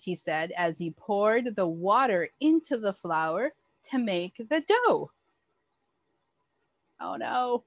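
A woman, an early childhood educator, reading a picture book aloud to children with expressive, animated storytelling. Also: medium pitch, slow pace, no room sound.

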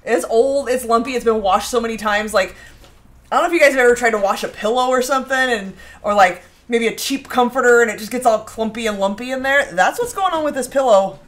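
A woman's voice: a little high, quick pace. A woman hosting a casual home baking live stream, chatting and reading out viewer comments. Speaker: baking show host. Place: home kitchen.

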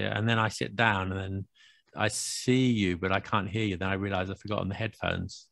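A man's voice: on the low side, a little fast, creaky, fairly bright tone, no echo, studio quality. A British man co-hosting a podcast, chatting casually and joking, often laughing as he explains words. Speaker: podcast co-host. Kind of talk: casual chat.

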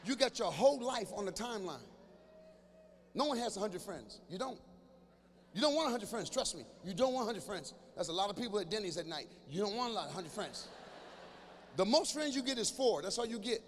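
A man doing stand-up comedy with a high-pitched voice, working the crowd directly and bursting into shouts. He is middle-aged and performs live in a big church venue. The sound rings with a long echo, and there is a faint hum of ambience behind him. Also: fairly quick. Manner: animated, addresses the audience directly, breaks into shouts. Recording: echoey hall with faint ambience.

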